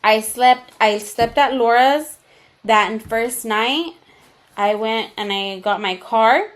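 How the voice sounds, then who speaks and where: A young woman co-hosting a casual podcast, her voice sitting a little higher than most. She tells a long personal story openly, swearing freely and slipping into Spanish slang now and then. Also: slow pace. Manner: candid and profane, mixes in Spanish slang. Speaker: podcast co-host.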